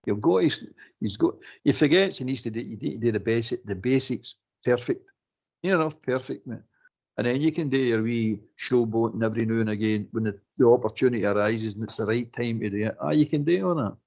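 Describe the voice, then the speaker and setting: A Scottish man on a fan phone-in, his voice gravelly and husky. He rants in animated, exasperated bursts over dull, lo-fi audio. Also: medium pitch, fairly quick. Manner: animated, exasperated ranting with laughs. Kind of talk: casual football chat.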